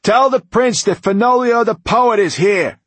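A man's voice: sits low, lively intonation, moderate pace, vocal fry, slightly rough, no echo, heavily acted. A man voicing a crotchety, impatient old male poet who snaps at people. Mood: indignant. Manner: snappish, irritable.

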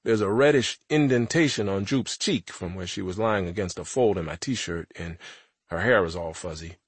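Husky-voiced male audiobook narrator. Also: deep voice, normal speed, dry recording. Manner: wry, conversational, as a teenage boy. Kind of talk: first-person audiobook narration.

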